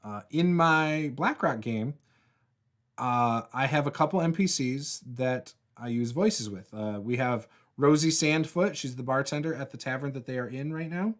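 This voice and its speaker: A man's voice: medium pitch, normal speed, fairly bright tone. Laid-back man chatting on a livestream. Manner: rambling, laughs often, many fillers and restarts. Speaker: host of a tabletop RPG livestream. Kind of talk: casual livestream chat, reading viewer comments.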